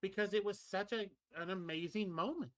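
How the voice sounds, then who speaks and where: A woman's voice: mid-range voice, moderate pace, fairly bright tone, dry recording. A woman co-hosting a casual podcast chat, chiming in supportively. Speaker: co-host.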